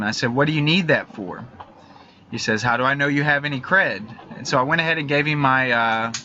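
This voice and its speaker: A man narrating over screenshots of messages, hesitant and halting, with many fillers and restarts, nervous and frightened. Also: mid-range voice, bright, forceful tone, lo-fi sound, slight background noise. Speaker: YouTube channel host.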